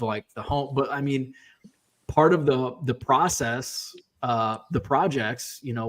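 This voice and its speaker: Chatty man telling an animated story. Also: mid-range voice. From Midwestern US. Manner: animated, acts out quoted voices. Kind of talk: casual storytelling on a live stream.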